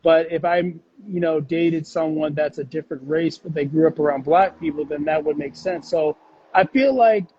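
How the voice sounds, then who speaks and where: A man's voice: on the high side, normal speed, breathy edge, no room sound, dull audio. A man talking as an interview guest, rambling with fillers and restarts in casual conversation. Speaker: podcast guest.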